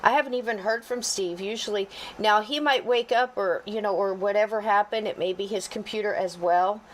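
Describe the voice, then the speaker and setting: A podcast co-host runs a casual livestream, chatty and folksy, joking with her chat and warmly greeting viewers by name. She talks to herself as she fumbles with her computer, speaking briskly in a mid-range voice. The low-quality recording carries faint noise beneath her.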